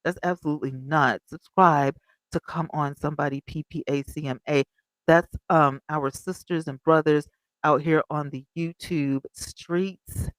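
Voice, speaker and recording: A woman's voice: low-pitched, fairly even intonation, unhurried, no echo, poor audio. A woman host from Alabama, chatting casually on a livestream, reading viewer comments aloud and laughing often. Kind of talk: casual live chat commentary.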